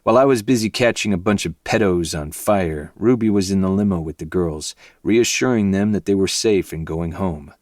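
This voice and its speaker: A man reading a dark novel aloud in first person, with low, intense, brooding delivery. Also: moderate pace, hardly any pauses, dry recording, clean studio sound. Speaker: podcast host reading a novel.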